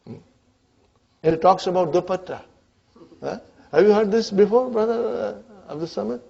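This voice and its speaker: A man's voice: high-pitched, expressive, normal speed, gravelly, dark tone, slightly rough. A male Arabic teacher giving a classroom grammar lecture, often checking in with his students by asking "huh?" and "are you with me?". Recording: dull lo-fi lecture recording.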